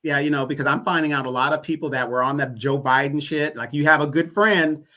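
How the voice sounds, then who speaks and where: A man's voice: a little high, steady tone, quick pace, few pauses, pushed and bright. A man appearing as a podcast guest, talking politics in a laid-back, conversational way. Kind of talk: casual political chat.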